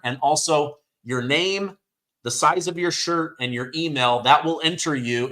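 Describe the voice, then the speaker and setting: A man hosting a live stream, reading headlines aloud and reacting with excitement, his throat sore from hours of talking. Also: medium pitch. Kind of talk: live election-night commentary.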